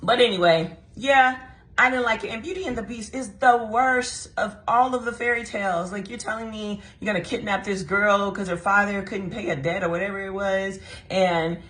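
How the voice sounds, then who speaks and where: A young woman giving a casual, animated book review, laughing often and mocking the characters in put-on voices. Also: mid-range voice, normal speed.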